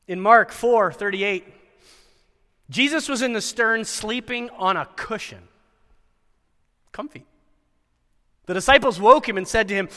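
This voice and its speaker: Animated man preaching in a reverberant hall. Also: high-pitched, normal speed, long pauses. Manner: animated storyteller with wry asides and dramatic quoted voices. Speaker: chapel speaker at a Christian school. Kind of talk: sermon.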